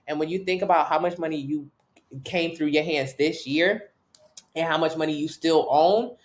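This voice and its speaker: A woman's voice: sits low, normal speed. Woman, Southern US accent, fitness coach, live-stream chat, candid, gossipy, swears freely. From Miami, Florida. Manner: candid, profane, gossipy and chatty.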